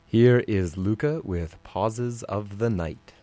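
A male radio host with a lowish voice who stumbles and restarts as he talks. He keeps it light, in the tone of talk radio banter. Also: dark tone. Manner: halting, stammering delivery.

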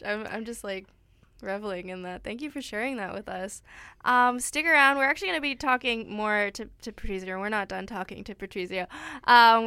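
A woman's voice: a little high, fairly bright tone, clean tone, no echo. A woman hosting a radio show in a chatty, casual way, with lots of fillers and restarts.

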